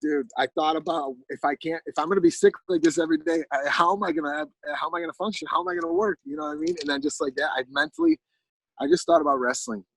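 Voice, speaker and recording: Brief: gravelly male interview guest, animated storyteller, dry close sound. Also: on the high side, quick pace, no room sound, poor audio. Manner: animated, keeps asking "you know what I mean". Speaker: guest, pro fighter.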